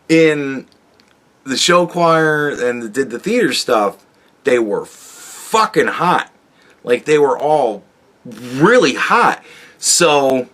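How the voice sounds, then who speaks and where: A man hosting a podcast, talking casually in a rambling, profane monologue that jumps between loud outbursts and low mutters. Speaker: podcast host.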